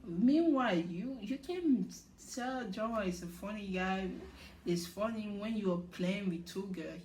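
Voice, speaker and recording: Female recap host, mid-pitched, animated and giggly, echoey room. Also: slight background noise. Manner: animated, laughs often, retells scenes in quotes. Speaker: reaction video host. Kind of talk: casual recap commentary.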